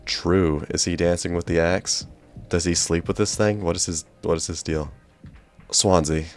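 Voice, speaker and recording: A man's voice: low voice, flat delivery, moderate pace, soft background music. A man commenting wryly on a game as he plays it and reads its dialogue aloud. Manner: wry, joking asides. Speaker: gaming YouTuber. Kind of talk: let's-play commentary, reading dialogue aloud.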